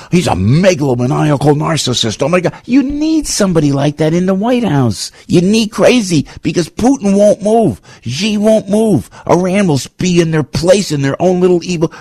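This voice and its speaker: A man hosting a talk radio show, with a husky, low-set voice. His pitch swings widely as he pushes his points with emphatic repetition. The sound is dry and close to the mic. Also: warm tone, dry recording. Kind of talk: political talk radio chat.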